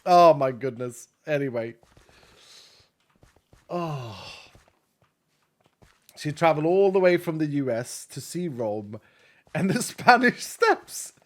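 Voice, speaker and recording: Chatty male streamer, slightly high voice. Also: animated, measured pace, long pauses. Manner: chatty, laughs often, talks to chat. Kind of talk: casual live-stream chat while gaming.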